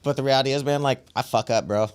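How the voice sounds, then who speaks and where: A man's voice: mid-range voice, fast talker, smooth. A man in his forties hosting a podcast, talking in a laid-back way, swearing freely and calling his friend man and bro. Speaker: podcast host. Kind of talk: casual chat.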